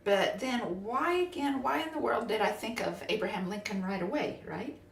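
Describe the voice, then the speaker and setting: A woman podcast host and biofield tuner telling a personal spiritual story in a soft, earnest way, often halting and restarting. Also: medium pitch, gravelly. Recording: roomy echo, distant from mic.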